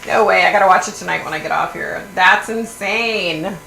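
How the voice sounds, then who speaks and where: A middle-aged woman hosting a livestream, chatting in a blunt, animated way and swearing now and then. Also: lowish voice, normal speed, gravelly. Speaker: livestream host. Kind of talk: casual gossipy chat. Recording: echoey room, faint hum.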